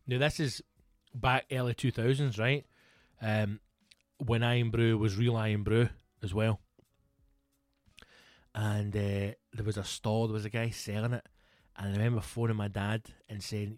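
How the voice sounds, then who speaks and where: A man's voice: mid-range voice, little pitch movement, normal speed, a little mellow, dry recording. Scottish man in his thirties, dry close sound. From Scotland. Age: 30s. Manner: swears freely, rambling anecdotes with quoted voices. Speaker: podcast co-host. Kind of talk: casual storytelling chat.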